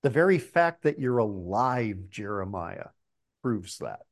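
A man preaching a sermon, slow and emphatic, often clearing his throat. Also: lowish voice, very animated.

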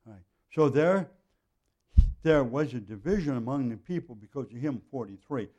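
A middle-aged man teaching a Bible passage verse by verse in a conversational way, with frequent throat clearing and asides. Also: mid-range voice, lively intonation, normal speed, darkish tone.

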